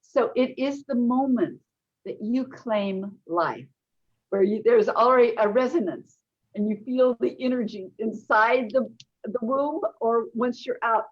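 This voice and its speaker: A woman's voice: a little high, unhurried, lo-fi sound. An older woman teacher speaking earnestly, full of wonder, over a video call. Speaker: guest, energy teacher. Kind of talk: video interview.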